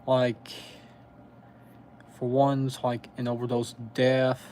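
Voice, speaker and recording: A man with a Southern US accent chatting on a live stream, pausing often as he recalls band names. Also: mid-range voice, completely flat delivery, mellow, a little hiss or hum. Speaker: metal music streamer. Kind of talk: casual live stream chat.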